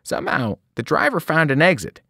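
A man reading a novel aloud to students, telling the story in a lively way and breaking into sudden voiced cries. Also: fairly high pitch, brisk, vocal fry, no room sound, clean studio sound. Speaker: reader.

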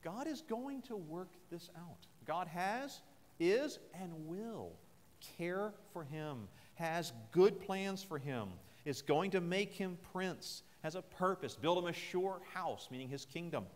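A man's voice: high-pitched, lively intonation, slow pace. A man preaching a sermon at a military chapel service, retelling a scripture story in an earnest, conversational way. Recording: long chapel reverb.

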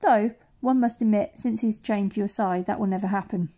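A woman voicing a big, calm slave oarsman who speaks with dry wisdom. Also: mid-range voice, moderate pace, natural voice. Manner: calm, dryly wise.

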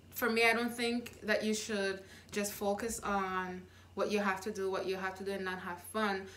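A woman's voice: medium pitch, fairly bright tone, a little hiss or hum. A young adult woman talking straight to viewers in a casual motivational vlog, earnest and encouraging, often restarting her sentences. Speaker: YouTube vlogger.

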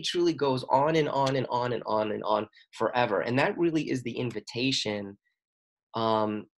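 Earnest, expressive man telling his story. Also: mid-range voice. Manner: earnest and expressive, acts out voices in quotes; rambling and apologetic about talking a lot. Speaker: chiropractor and workshop facilitator. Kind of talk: candid personal storytelling in an interview.

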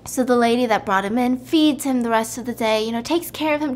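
Chatty high-voiced woman retelling a plot. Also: fairly quick, hardly any pauses, a little hiss or hum. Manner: animated, chatty, acts out quotes. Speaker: host. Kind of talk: casual storytelling of a movie plot.

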